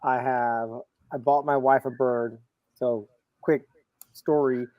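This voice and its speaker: A middle-aged man on a video call, a comics show panelist, telling a long personal story in casual chat with lively quoting. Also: mid-range voice, slow, dry recording, lo-fi sound. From Florida, USA. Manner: storytelling, animated, quotes others.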